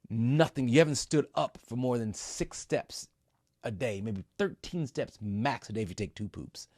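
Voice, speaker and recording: A man's voice: medium pitch, animated, moderate pace, darkish tone, dry recording, studio quality. A middle-aged man telling a story in a casual interview. He talks with open emotion, swears freely and acts out his own reactions as he goes. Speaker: company CEO recounting an ocean row.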